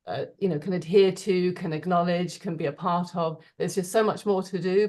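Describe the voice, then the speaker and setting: A woman's voice: on the low side, a little mellow. A woman giving heartfelt thanks on a video call, earnest and searching for words. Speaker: guest speaker on a video call. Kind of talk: heartfelt remarks.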